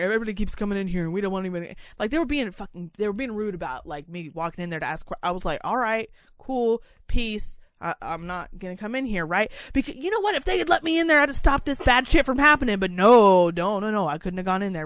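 A young woman rants her way through a story, heated and profane, with big dramatic swings as she acts out the other people. Her voice sits at an everyday middle pitch. The recording is dry and close, with almost no room sound. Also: fairly bright tone, dry recording. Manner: angry, swearing, dramatic storytelling. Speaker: podcast co-host telling a story. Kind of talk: casual profane rant.

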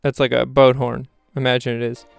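A man's voice: medium pitch, little pitch movement, fairly quick, vocal fry, smooth, no echo, soft background music. A man in his twenties hosting a podcast, talking in a playful, self-mocking comedic monologue and slipping into silly voices. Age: 20s. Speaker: podcast host.

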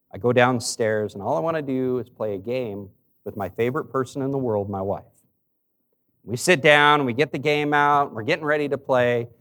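Storytelling preacher man, soft to emphatic. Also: medium pitch. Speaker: pastor. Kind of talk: sermon.

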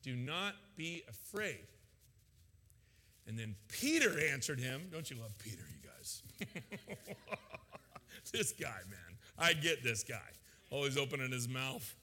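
A male pastor preaching a sermon in an animated, casual, joking way in a church hall. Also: mid-range voice, measured pace, husky. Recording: long hall reverb.

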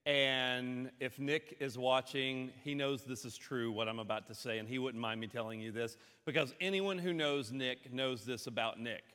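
A man preaching a sermon as the pastor, telling a story and slipping into low, weary impressions between bright, emphatic stretches. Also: steady tone, moderate pace, few pauses, clear, resonant tone, long reverb tail.

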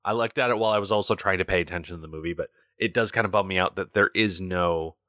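A man co-hosts a podcast, chatting casually about a movie. His voice is deep and sharp, his pace quick, and the studio-quality audio has no room sound.

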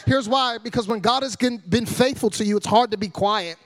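A man in his thirties giving a humorous sermon as a guest preacher, loud and animated, joking with the congregation. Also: very high voice, a little fast.

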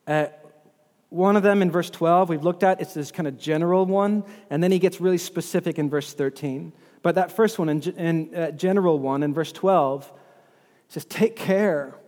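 In a church hall with long reverb, a man preaches as pastor, earnest and often repeating words while working through scripture. His voice is a little high and slightly mellow, at normal speed.

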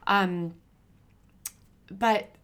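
A woman, a graffiti artist guest, talking in a relaxed, enthusiastic way in casual conversation. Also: mid-range voice, extremely slow, smooth.

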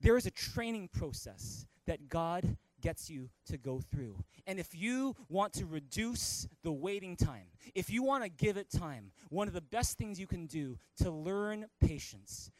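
A man's voice: high voice, very animated, a little slow, hardly any pauses, dry recording, poor audio. A male pastor preaching a storytelling sermon in church, with many stammered restarts.

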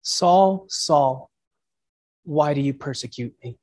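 A preacher lowers into a grave, hushed voice from heaven, calling out with slow, deliberate cadence. The tone sits well below his usual pitch, dry and close to the mic. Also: no room sound. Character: calm divine man calling from heaven.

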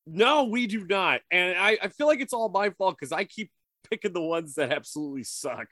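A man co-hosting a comedy podcast, chatting in a playful, jokey way. His voice sits high and sounds bright and sharp, and his pitch swings widely as he riffs. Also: lively intonation, normal speed, no room sound, clean studio sound. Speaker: podcast co-host. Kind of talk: comedic casual chat.

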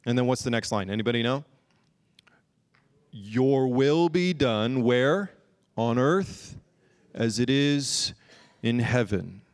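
A man preaching a sermon in an earnest way, slowing down and drawing out key phrases for emphasis. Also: mid-range voice, expressive. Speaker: pastor.

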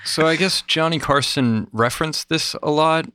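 Smooth-voiced man sharing trivia. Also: on the high side, moderate pace, no room sound. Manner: informative, relaxed, shares trivia. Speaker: podcast co-host. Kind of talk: casual chat.

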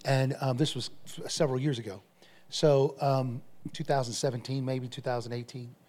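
A man's voice: mid-range voice, steady tone, normal speed, darkish tone. A male pastor preaching a sermon, telling stories with energy and often repeating his phrases.

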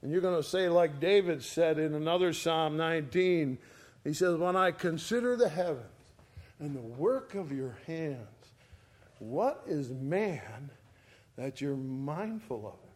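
A man with a slightly high, a little mellow voice and lively intonation preaches a sermon, reading scripture verses aloud and explaining them. He speaks slowly and emphatically, his volume rising and falling as he swells on key words.

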